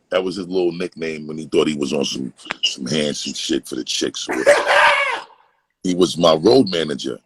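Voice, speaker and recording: A man from Brooklyn, telling animated, profane stories as a guest and slipping into impressions. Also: sits low, a little hiss or hum, poor audio. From East Flatbush, Brooklyn, New York. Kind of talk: casual storytelling.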